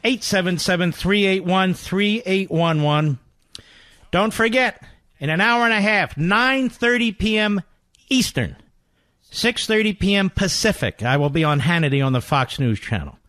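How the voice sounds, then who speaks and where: A man hosting a talk radio show in a studio, insulting his targets in a ranting, combative monologue that climbs toward shouting. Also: sits high, lively intonation, measured pace, no echo. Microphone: studio microphone.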